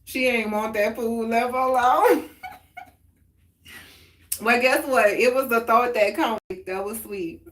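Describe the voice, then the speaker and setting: A woman in her forties hosts a relaxed heart-to-heart stream, speaking slowly and openly. She answers her viewers' comments as they come in and laughs easily. Her voice carries an echo from the room around her. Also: a little high. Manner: chatty and candid, answers viewer comments aloud, laughs often. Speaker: host of a live talk stream. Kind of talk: casual heart-to-heart chat. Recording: roomy echoey sound.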